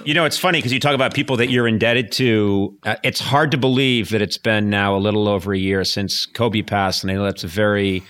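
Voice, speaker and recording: A man hosting a podcast, asking measured questions with brief, attentive replies. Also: fairly low pitch, steady tone, a bit bright. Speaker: podcast host. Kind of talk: casual interview.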